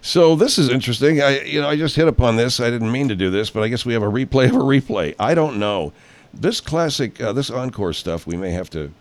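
A man's voice: medium pitch, expressive, brisk, a little hiss or hum. A male show host in a studio, rambling through a casual, profane pre-show monologue full of fillers.

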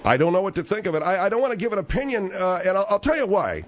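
A man hosting a radio talk show from a studio by the ocean, talking fast with a salesman's push on a studio microphone. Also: big pitch swings, slight background noise. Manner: fast, promotional pitching.

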